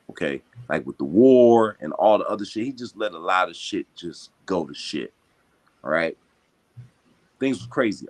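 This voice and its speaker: A man of average pitch rants on a podcast in a casual, heated way. He swears often, leans on slang and hammers his points with emphasis. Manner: profane, animated, slangy, emphatic. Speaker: boxing podcast host.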